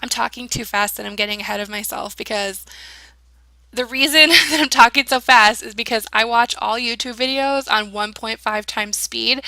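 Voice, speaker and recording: A woman's voice: a little high, creaky, pushed and bright, no echo. A young woman casually narrating her video game build in a rambling, giggly, self-deprecating way, sounding tired. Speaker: gaming channel host. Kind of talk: casual voice-over commentary on a build.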